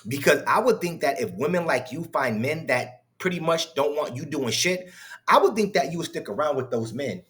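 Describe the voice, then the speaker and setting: A man's voice: a little high, expressive, moderate pace, fairly bright tone. A man hosting a reaction commentary, mocking and incredulous, heated and profane as he talks back to a clip. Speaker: commentary host reacting to clips.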